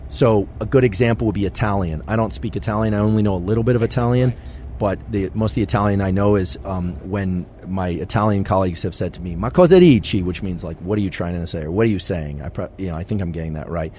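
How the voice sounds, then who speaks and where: A male scientist giving a calm, measured science podcast lecture. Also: low-pitched, a little hiss or hum.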